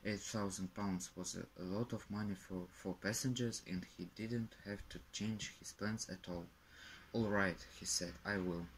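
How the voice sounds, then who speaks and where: A man's voice: fairly low pitch, fairly even intonation, normal speed, few pauses, slight background noise, rough recording. A man reading a story aloud carefully, with small restarts. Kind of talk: reading a graded reader aloud.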